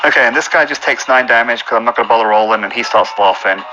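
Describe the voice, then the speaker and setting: A man running a tabletop game as game master, animated and often breaking into laughter, with music behind. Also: mid-range voice, fast talker, lo-fi sound. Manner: giggly, animated, often laughing between lines. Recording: music playing in background.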